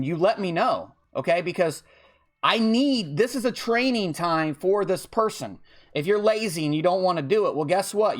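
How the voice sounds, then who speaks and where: A man with a fairly high-pitched voice talks off the cuff as a game league's commissioner. He lectures his members bluntly and swears freely. He keeps checking in with "okay?" to press each point. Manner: repeats "okay?" to drive points home. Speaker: online football video game league commissioner. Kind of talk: casual unscripted monologue.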